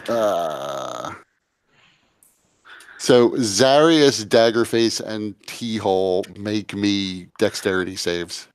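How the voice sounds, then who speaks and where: A man's voice: lowish voice, animated, very slow, clean tone, no room sound. A man narrating as game master in a tabletop game, calling for rolls and describing the fight, with frequent "uh" fillers.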